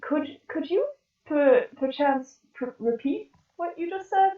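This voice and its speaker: A woman's voice: high-pitched, lively intonation, slow, distant mic, voice pushed up. A woman voicing a refined, polite woman who speaks in a prim, formal way, heard over a roomy, dull online call.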